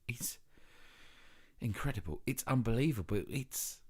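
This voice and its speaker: Holly, a man doing a gravelly streetwise she-cat. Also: medium pitch, expressive, unhurried, a little mellow.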